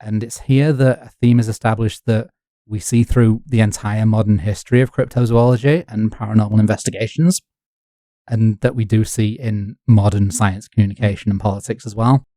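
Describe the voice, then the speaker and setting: A man's voice: on the low side, fairly even intonation, moderate pace, mellow, dry recording. A man from the north of England, co-hosting a casual history podcast with dry, wry humour. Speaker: podcast co-host.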